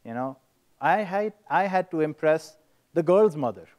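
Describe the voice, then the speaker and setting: A man giving a presentation on a stage, telling a casual, animated anecdote and joke. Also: a little high, normal speed. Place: conference stage.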